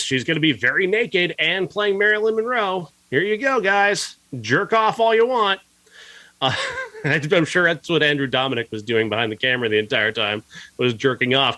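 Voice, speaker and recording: Brief: male podcast critic, fired-up and swearing, fairly high voice, dry close sound. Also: fairly bright tone, no echo. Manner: angry, profane ranting. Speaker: podcast co-host and film critic. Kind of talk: heated casual podcast review.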